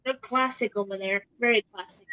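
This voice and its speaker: A woman chatting casually on a live stream, soft-spoken with brief replies. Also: medium pitch, steady tone, fairly quick, no echo, soft background music. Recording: dry, dull lo-fi audio.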